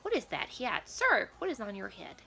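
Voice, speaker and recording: A woman's voice: medium pitch, wildly swooping pitch, moderate pace, gravelly, sharp tone, heavily acted. A woman playing a prim, nosy grandmother who reacts to a pop performance with prudish, flustered, rambling remarks and quaint asides. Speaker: comedic reaction host. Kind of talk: comedic character reaction video.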